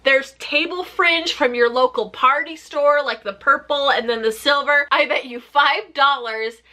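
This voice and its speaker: A woman vlogger giving a chatty, sarcastic recap of a TV show with rapid-fire questions. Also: high-pitched, bright, forceful tone. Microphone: camera mic.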